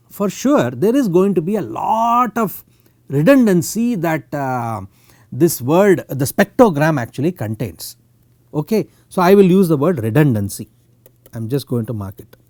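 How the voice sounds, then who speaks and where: Halting Indian male lecturer, mellow lively voice. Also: on the high side, dry recording, studio quality. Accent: Indian English. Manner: halting, full of "uh" and "okay" tags. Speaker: university lecturer. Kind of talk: technical lecture. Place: lecture recording.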